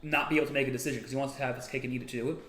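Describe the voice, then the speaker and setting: A man's voice: medium pitch, steady tone, a bit bright, slight background noise. Man casually retelling a book's plot in a roomy echo. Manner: retells the plot, acting out characters' lines in quick asides. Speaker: podcast co-host. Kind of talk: casual book discussion.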